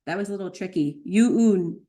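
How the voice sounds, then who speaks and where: A woman teaching a spiritual practice, slowly chanting and repeating sacred sound names, with light laughs at her own slips. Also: lowish voice, a little mellow. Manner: chants tone names slowly, then explains briskly. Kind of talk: chanting lesson.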